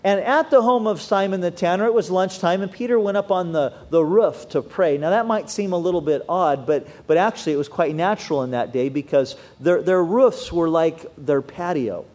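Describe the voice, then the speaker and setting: A man preaching a sermon, telling stories with animated swings in loudness. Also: high voice, normal speed, few pauses. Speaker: pastor.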